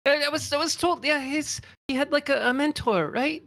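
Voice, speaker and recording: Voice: sits high, moderate pace, fairly bright tone, no echo, pitched above the performer's own voice. A tabletop player voicing a desperate young woman who fakes crying to get help. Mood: pleading.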